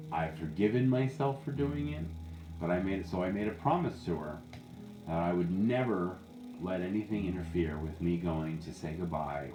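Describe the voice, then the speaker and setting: A man who works as a psychic medium, talking candidly and jokingly in a casual monologue. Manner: candid, joking, animated with sudden high jumps. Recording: echoey room, faint background hum.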